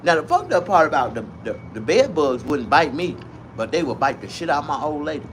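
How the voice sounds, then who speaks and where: A man's voice: a little high, brisk. Guy ranting a crazy story, cussing a lot, bouncy voice, faint hum behind. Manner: profane, animated, rambling. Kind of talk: comic storytelling rant.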